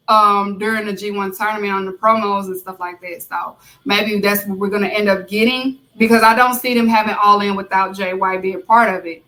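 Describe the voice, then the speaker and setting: A woman hosting a podcast in casual chat, relaxed and filling pauses with ums and uhs. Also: fairly high pitch, rough recording. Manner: relaxed, many fillers. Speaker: podcast host.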